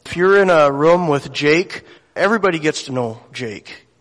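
A man's voice: on the high side, animated, normal speed. A man, a lay preacher telling a story in a sermon with folksy, conversational asides, in a church sanctuary. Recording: long church hall reverb.

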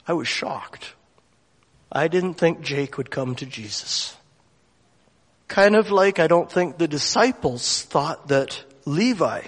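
A man's voice: on the high side, fairly bright tone, husky, long reverb tail. A man preaching a sermon, telling a story earnestly and emotionally, acting out the dialogue of the people in it.

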